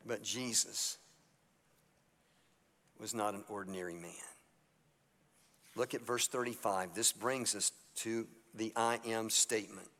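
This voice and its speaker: Pastor preaching with lively storytelling. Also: male voice, on the low side, measured pace, long pauses. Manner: storytelling, acts out biblical characters in a casual voice. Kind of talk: sermon. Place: church sanctuary. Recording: church hall reverb.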